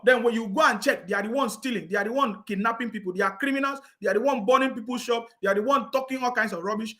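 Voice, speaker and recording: Rapid-fire and sharp, this man's very high voice barely pauses as he rants online about politics. His commentary is scornful and insistent, punctuated by mocking laughter and repeated check-ins with the audience.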